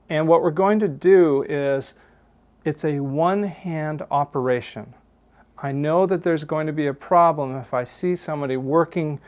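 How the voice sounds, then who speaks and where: A man who is a photography instructor, patiently talking students through a hands-on darkroom demonstration step by step. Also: medium pitch. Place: college darkroom.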